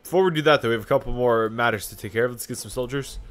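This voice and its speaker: A young man commentating his own strategy game in a casual, joking way, often breaking into sudden shouts. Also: mid-range voice, rapid-fire. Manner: excitable, jokey, sudden shouts. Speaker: gaming YouTuber. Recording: faint music behind.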